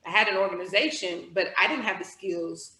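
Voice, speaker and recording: A woman in her forties tells a personal story as a podcast guest, acting out her thoughts and reactions. Her voice is bright and clear. The room gives it a noticeable echo. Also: fairly low pitch, brisk.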